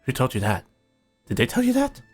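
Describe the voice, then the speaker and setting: A man's voice: medium pitch, wildly swooping pitch, brisk, husky, faint music behind, voice pushed up. A man voicing a paranoid, drunken male inventor who stammers and jumps to suspicion. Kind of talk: tabletop role-play in character.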